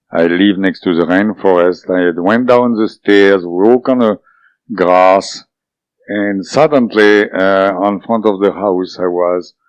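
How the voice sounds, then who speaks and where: A man whose first language is French, telling his story as an interview guest, halting and full of fillers and restarts. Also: deep voice, no echo. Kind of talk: recounting a personal experience in an interview. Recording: dull lo-fi dry recording.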